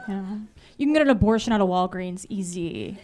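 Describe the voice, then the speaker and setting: A woman's voice: medium pitch, lively intonation, a little fast, warm tone, a little hiss or hum. A woman doing stand-up comedy on a club stage in a conversational way, often checking in with the audience. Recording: crowd in the club.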